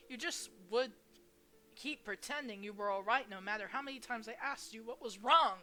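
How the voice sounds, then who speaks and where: A woman's voice: a little high, bright, forceful tone, voice pushed up. A woman voicing an upset young man who scolds in clipped, hurt lines while reading a visual novel aloud.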